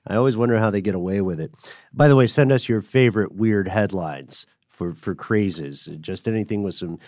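A man's voice: fairly low pitch, moderate pace, darkish tone, dry recording, clean studio sound. A man co-hosting a podcast in casual chat, making wry, joking asides. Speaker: podcast co-host.

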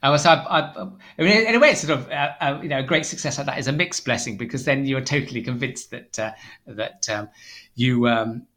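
A man's voice: mid-range voice, brisk, fairly bright tone. A man, a tweed company founder, telling rambling stories in a casual interview, full of fillers and restarts.

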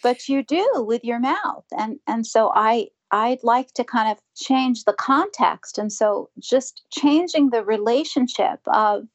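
A woman's voice: a little high, a little slow, few pauses, muffled recording. A woman dentist speaking earnestly and reflectively in a conversational interview, sometimes acting out what her patients say. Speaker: dentist guest.

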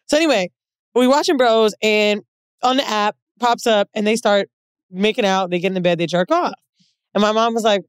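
A woman's voice: medium pitch, a little fast, clean tone, dry recording. A woman on a podcast, chatting frankly and expressively. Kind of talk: casual chat.

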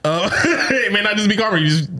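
A man's voice: high voice, fast, sharp tone. A young man co-hosting a casual podcast, telling stories in loose slang with a playful tone. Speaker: podcast co-host. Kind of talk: casual chat.

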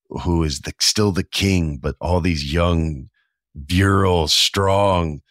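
A man in his forties with a low, deep voice talks loosely and eagerly as the host of his own show. He keeps things chatty and tosses in quick voiced asides. The sound is dry and close, with no room around it. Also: fairly bright tone, no room sound. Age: 40s. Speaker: podcast host. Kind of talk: casual solo commentary.

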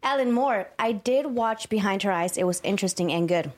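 A woman's voice: mid-range voice, lively intonation, fairly quick, darkish tone, slight background noise. Giggly woman reading out super chats. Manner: upbeat, laughs often while reading names. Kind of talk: casual chat.

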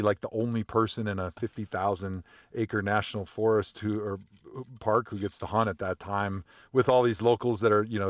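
A man's voice: fairly low pitch, no room sound. A man telling a long story in an easygoing, rambling way, with plenty of fillers and restarts. His voice sounds a little dull and muffled, and it is dry, with no room sound around it. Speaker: guest, former football player. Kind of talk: casual storytelling.

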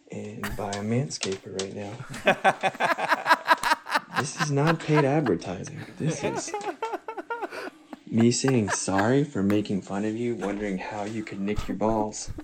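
A man's voice: lowish voice, background noise. A man leaving a casual voice message, laughing and swearing freely. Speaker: friend sending a voice memo.

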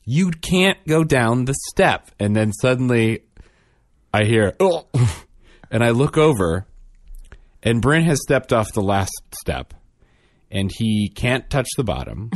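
A father in his thirties spins a self-deprecating family story, his low voice rising and falling in animated swings as he acts out each quote. The sound is close and dry, with no room echo. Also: a little slow, long pauses. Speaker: podcast co-host, father. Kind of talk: casual storytelling chat.

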